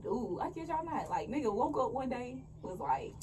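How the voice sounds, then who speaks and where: A woman guest on a podcast telling her story in a slangy, expressive, laughing way. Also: fairly high pitch, moderate pace, far from the mic, a little hiss or hum. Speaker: podcast guest, brand founder. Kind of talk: casual storytelling chat.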